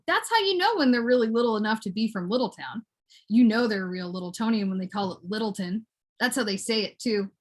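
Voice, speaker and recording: A woman giving a performed poetry reading, swinging between high cooing baby talk and low muttered asides. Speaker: poet reading her work. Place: at home for an online book launch.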